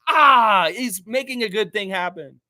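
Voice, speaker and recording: Guy putting on a squeaky bitter old tycoon villain, whiny and scheming, sharp bright voice, dry mic. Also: a little slow, exaggerated voice. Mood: frustrated. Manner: shrill, whiny outbursts.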